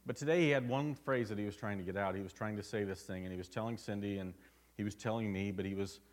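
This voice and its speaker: A man's voice: fairly low pitch, fast. A man preaching a sermon at a church service, telling a personal story in an earnest, conversational way. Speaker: pastor.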